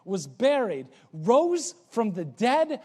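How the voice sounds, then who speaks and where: A man's voice: very high-pitched, big pitch swings, slow pace, darkish tone, breathy edge, long reverb tail. A man preaching a sermon as a pastor, in a casual, conversational and joking way.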